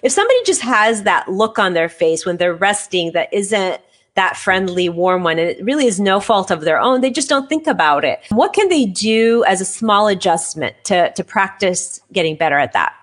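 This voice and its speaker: Woman, podcast host, conversational interview, enthusiastic, rambling questions, mid pitch. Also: animated, normal speed, fairly bright tone.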